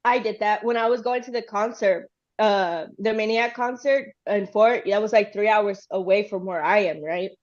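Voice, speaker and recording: A woman hosting a podcast, chatting casually and telling animated stories with frequent laughter. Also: medium pitch, normal speed, hardly any pauses, muffled recording. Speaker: podcast host. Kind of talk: casual chat.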